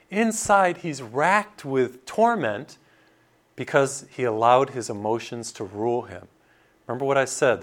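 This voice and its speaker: Middle-aged male priest, conversational storyteller, mid-pitched voice, sermon delivery. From Massachusetts. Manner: conversational, animated storytelling with asides.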